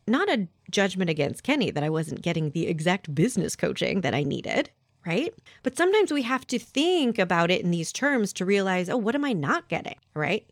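A woman in her thirties hosting a solo podcast, talking to the listener in an animated, conversational way. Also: medium pitch, no echo, clean studio sound. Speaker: podcast host.

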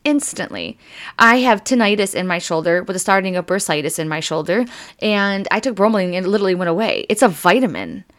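A woman's voice: mid-range voice, big pitch swings, fast talker, fairly bright tone. A woman hosting a psychic podcast, reading oracle cards in a loose, chatty way, full of "like" and "you know", and moved close to tears. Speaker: psychic medium podcast host. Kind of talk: casual oracle card reading.

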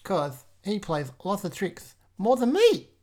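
On an improvised comedy character podcast, a woman plays a bratty, bragging eight-year-old boy host who giggles and erupts in loud outbursts. Her medium-pitched voice swoops wildly in pitch at a slow pace.

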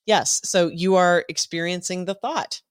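Podcast host, enthusiastic, affirming, easy laughter, medium pitch, dry sound. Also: fairly even intonation, unhurried, smooth, no room sound. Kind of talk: casual podcast conversation.

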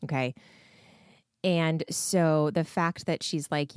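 A woman hosting a podcast, answering listener questions as a coach in a casual, candid way, with a froggy, hoarse voice and plenty of likes and ums. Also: low voice, takes it slowly, no echo, clean studio sound. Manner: candid, swears freely, frequent likes and ums. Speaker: podcast host and weight loss coach.

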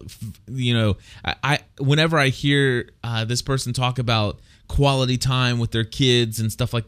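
A middle-aged man, co-host of a faith-based parenting talk show, telling his own parenting stories in an earnest, confessional way. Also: mid-range voice.

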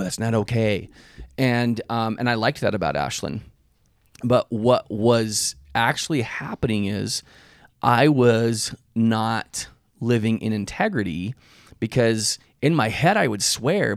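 A man's voice: fairly low pitch, creaky, dry recording, studio quality. A man in his thirties co-hosting a podcast, telling candid personal stories in casual chat and laughing often. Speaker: podcast co-host, husband.

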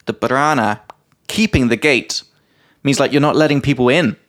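A man's voice: medium pitch, moderate pace, fairly bright tone. A man co-hosting a casual podcast chat, blunt and teasing, with plenty of swearing. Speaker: podcast co-host.

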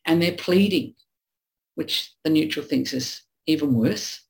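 A woman's voice: deep voice, measured pace, creaky, low-quality recording. A woman relationship coach explaining a topic in conversation, acting out what partners say to each other. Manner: earnest, acts out quoted partners. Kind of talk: teaching conversation.

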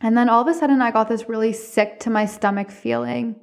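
A woman hosting a podcast, telling personal stories in a casual, expressive way with frequent laughter. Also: fairly high pitch, a little fast, gravelly. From Canada. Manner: expressive, chatty, laughs often; speaks candidly, with some swearing. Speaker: podcast host.

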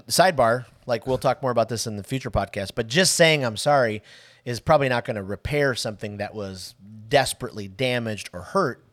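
A man co-hosting a casual podcast chat, animated and drawing out key words for emphasis. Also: mid-range voice, no echo, clean studio sound. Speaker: podcast co-host.

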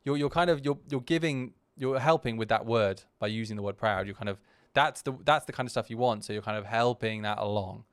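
A man hosting a podcast talks through his own video in a loose, rambling way, circling back with lots of restarts and asides. He is candid and self-deprecating, in a crisp, resonant voice recorded dry and close. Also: fairly low pitch, a little fast, hardly any pauses, fairly bright tone, no room sound. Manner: rambling, full of "you know" and restarts. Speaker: podcast host.

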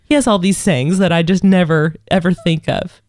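A woman's voice: on the low side, moderate pace, darkish tone, no echo, studio quality. A woman co-hosting a casual radio chat, rambling with many restarts and laughs. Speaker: co-host.

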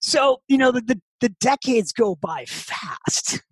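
High-voiced animated man in his fifties. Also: slow, slightly rough, no echo, rough recording. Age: 50s. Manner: animated, repeats words when excited. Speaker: podcast guest, author. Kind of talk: casual storytelling.

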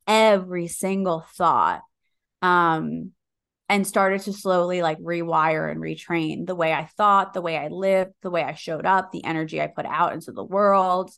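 A woman guest on a podcast, telling her story in a casual, animated way, swearing freely and acting out her own inner voice. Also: on the low side, vocal fry.

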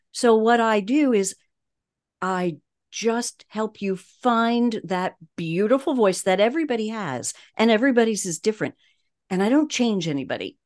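A woman with a Long Island New York accent, a voice coach talking in a measured, unhurried way on a podcast interview. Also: mid-range voice, a little mellow.

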